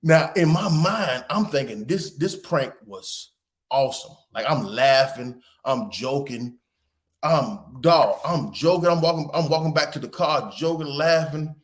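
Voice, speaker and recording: A man hosting a podcast, telling a rambling story with lively quoted voices and casual swearing. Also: on the high side, a little slow. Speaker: podcast host.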